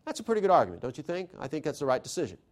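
Guy with a pretty high voice lecturing a class, chatty and lively, keeps asking the room questions. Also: very fast. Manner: lively, conversational, asks the audience questions. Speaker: lecturer on constitutional theory. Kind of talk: live lecture to an audience.

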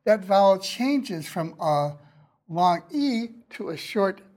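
Halting male lecturer in class. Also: high voice, darkish tone. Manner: halting, many restarts and fillers, clears throat. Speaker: university lecturer. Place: lecture hall.

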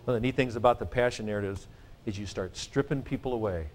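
A man teaching a Greek grammar class, lecturing in a lively, joking way and stressing his points. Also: on the low side, fast talker, slight background noise. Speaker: Greek professor.

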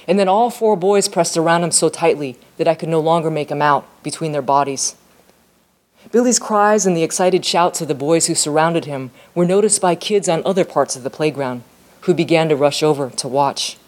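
A woman author reading her novel aloud in a steady, measured storytelling voice. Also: low-pitched.

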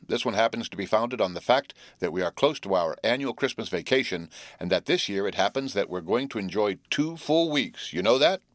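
A man's voice: on the low side, lively intonation, dry recording, lightly acted. A man voicing a cheerful teenage boy who teases his friends while telling news. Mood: teasing. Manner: teasing, drawn-out storytelling.

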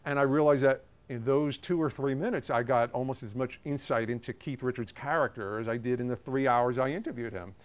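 A man's voice: medium pitch, fairly quick, hardly any pauses. A man, a journalist, telling a casual anecdote in a chatty way, with many ums and uhs.

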